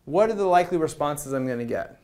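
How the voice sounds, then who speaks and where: A man giving a presentation at a meetup. He talks to the audience in a conversational, energetic way and acts out quoted lines. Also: on the high side, fast talker. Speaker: product management speaker.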